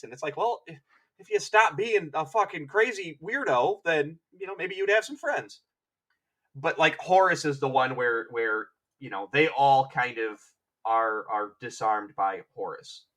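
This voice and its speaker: A man's voice: medium pitch, animated, unhurried, a bit bright. A man co-hosting a podcast, talking in a rambling, wry way with many restarts. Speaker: podcast co-host. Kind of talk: casual chat.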